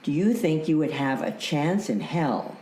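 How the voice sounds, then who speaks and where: An older woman voicing a calm, stern young man giving a firm, steady lesson within her story. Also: sits low, a little slow, roomy sound, a little hiss or hum, rough recording. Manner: steady and instructive.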